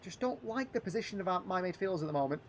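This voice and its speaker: A man's voice: sits high, racing, a little hiss or hum. A man hosting a live gaming stream, calling the action of a football management game and voicing his frustration as he plays. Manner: animated, frustrated, thinking aloud between match calls. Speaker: gaming livestream host.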